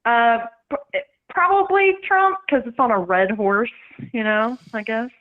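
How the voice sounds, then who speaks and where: A woman's voice: fairly high pitch, big pitch swings, unhurried, muffled recording. A woman calling in, chatty and full of fillers. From Oklahoma, USA. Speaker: call-in caller. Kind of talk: casual call-in chat.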